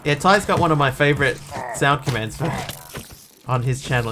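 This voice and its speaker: A man's voice: a little high, lively intonation, moderate pace, background noise. A man streaming a game, chatting casually and rambling as he thanks viewers. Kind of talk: casual live-stream chat while gaming.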